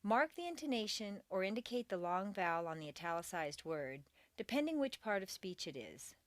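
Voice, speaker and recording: A woman reading a scripted pronunciation lesson, slowly drilling word pairs and carefully contrasting their stress. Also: mid-range voice, very animated, no echo. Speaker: pronunciation teacher.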